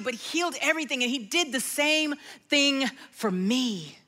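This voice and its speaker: A middle-aged woman gives a slow, unhurried testimony from the pulpit in a high voice. Her tone is bright and clear, and she lets it sink to a hush or lift into soft singing as she tells her story. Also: expressive. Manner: storytelling, drops to a hushed tone, sings lyric lines softly. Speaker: speaker at a church gathering. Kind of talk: personal testimony sermon.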